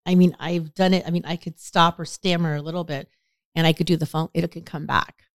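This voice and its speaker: In studio-quality audio free of room sound, a woman co-hosting a podcast talks a little fast. She's a lively storyteller in casual chat, voicing quoted lines with big jumps in pitch.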